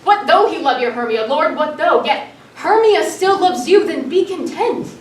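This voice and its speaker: Brief: student actress as wounded lovesick maiden, very high, distant roomy stage sound. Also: female voice, lively intonation, normal speed, slight background noise. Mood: hurt. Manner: pleading, wounded verse delivery. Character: young woman Helena, lovesick and hurt. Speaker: student actor. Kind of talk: school stage performance of verse. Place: theatre workshop room. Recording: echoey room, from far off.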